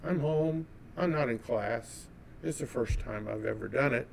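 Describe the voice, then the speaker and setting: A man from California telling a personal story as an interview guest, animated and acting out the dialogue. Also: medium pitch, a little slow, vocal fry, a little hiss or hum. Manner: animated, acts out quoted dialogue.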